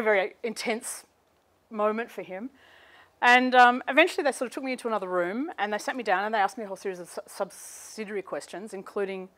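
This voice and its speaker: A middle-aged woman gives a university seminar lecture into a microphone before an audience. She tells stories in a wry, anecdotal way, with mid-range pitch for a woman. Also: a bit bright. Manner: humorous anecdotal storytelling. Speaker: guest lecturer.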